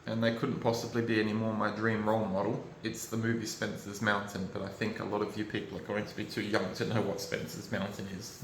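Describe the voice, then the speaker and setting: A man's voice: lowish voice, a little hiss or hum. An Australian man vlogging from home, rambling in a frustrated, emotional way and swearing now and then. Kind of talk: rambling personal vlog. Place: at home, indoors. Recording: roomy echo, faint ambience.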